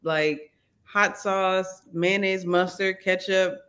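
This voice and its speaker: A woman in casual podcast banter, calmly explaining her habits and listing details. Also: mid-range voice, takes it slowly, smooth. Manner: matter-of-fact, listing details.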